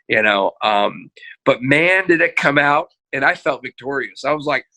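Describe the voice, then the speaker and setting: A man chatting on a podcast, telling animated stories, acting out quotes and laughing often. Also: medium pitch, normal speed. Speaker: podcast host; marriage counselor. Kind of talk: casual podcast chat.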